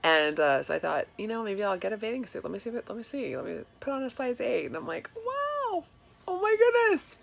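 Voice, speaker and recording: A woman in her thirties talks through a personal vlog update in a chatty, confessional way, full of fillers and restarts. Her voice has a gravelly, creaky edge at a middling pitch. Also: expressive, fast, hardly any pauses. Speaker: vlogger. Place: home in Florida.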